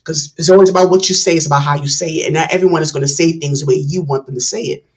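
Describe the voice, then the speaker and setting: A woman's voice: sits low, steady tone, very fast, darkish tone, poor audio. Passionate woman giving commentary. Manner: passionate, talks it through with restarts. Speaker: reaction video host. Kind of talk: casual commentary on a skit.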